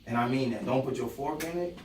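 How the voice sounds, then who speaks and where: A man in casual podcast chat, animated and profane, acting out both sides of an argument with his partner. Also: mid-range voice, fairly quick, roomy sound, recorded from a distance, slight background noise, poor audio. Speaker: podcast guest. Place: podcast studio.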